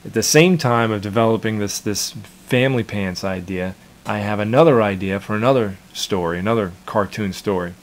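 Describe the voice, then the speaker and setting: A man's voice: lowish voice, brisk. A man in his thirties, a cartoon creator casually chatting in an interview, rambling and repeating his words with chuckles.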